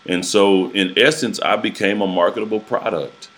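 A man who preaches, telling his own story in a halting, earnest way, repeating words as he searches for them. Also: lowish voice, steady tone, fairly bright tone. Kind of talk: personal testimony in a casual interview.

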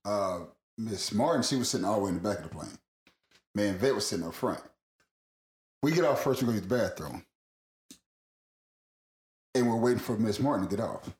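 Animated, laughing man telling a story. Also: fairly low pitch, a little fast, pauses often, reverberant. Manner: rambling, laughing, profane, animated. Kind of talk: casual storytelling.

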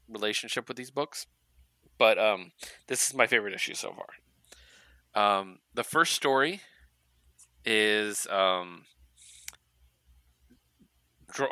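Lively, bright-voiced male podcast host. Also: fairly low pitch, no echo. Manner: animated storyteller, laughs often. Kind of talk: casual chat recapping comics.

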